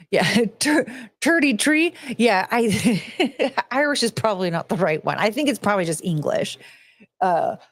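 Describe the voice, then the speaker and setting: A woman with a lowish voice hosts a podcast, delivering a casual, opinionated rant. She's blunt, swears, and restarts her sentences, and the recording is dry.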